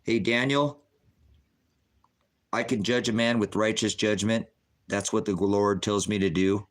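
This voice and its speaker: Man, middle-aged, deep voice, blunt, combative, preachy, answering chat on a livestream. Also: fairly even intonation, measured pace. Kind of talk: livestream Q&A sermonizing.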